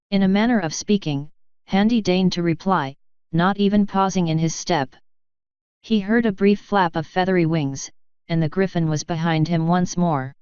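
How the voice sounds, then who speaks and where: Clear-voiced woman narrating fan fiction. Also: on the low side, normal speed, a little mellow, no echo, dull audio. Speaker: fanfiction reader. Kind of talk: audiobook narration.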